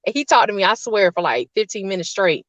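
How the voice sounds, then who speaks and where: A woman hosting a casual chat, telling a long personal story in an animated way and laughing often. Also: mid-range voice, quick pace, dry recording. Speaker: host. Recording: dull dry lo-fi sound.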